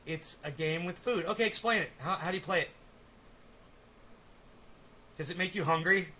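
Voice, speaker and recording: A man's voice: sits high, normal speed, pushed and bright, slight background noise. A man hosting a casual live stream, rambling and swearing, with testy, teasing banter with his viewers.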